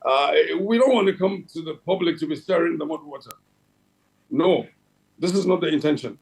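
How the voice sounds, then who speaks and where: A man's voice: on the high side, animated, moderate pace, creaky, a little mellow, low-quality recording. A Nigerian man heading a regulatory agency, answering in a TV interview in a formal official tone, with many fillers and restarts. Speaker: head of a regulatory agency, guest. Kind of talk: television interview.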